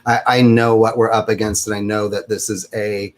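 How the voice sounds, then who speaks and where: Low-voiced man thinking aloud. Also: flat delivery, normal speed. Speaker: co-host. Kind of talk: political talk show chat.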